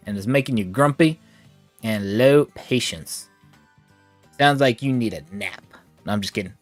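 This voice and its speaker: A gaming streamer with a mid-range voice speaks at a moderate pace with long pauses, chatting with his livestream viewers, reading chat aloud, and joking around. Allergies make him a bit short of breath. There's no room sound, just soft background music.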